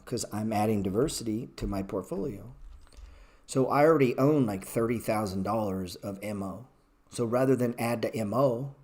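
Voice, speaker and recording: A man's voice: lowish voice, darkish tone. Profane, blunt man teaching trading live. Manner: profane, blunt, ranting asides to chat. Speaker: trading educator. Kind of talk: live-streamed market class.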